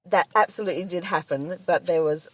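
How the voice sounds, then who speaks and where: A woman's voice: fairly low pitch, fairly quick. An Australian woman co-hosting a casual podcast, rambling chattily, often laughing and breaking off mid-sentence to restart. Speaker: podcast co-host, comedian. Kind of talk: casual chat.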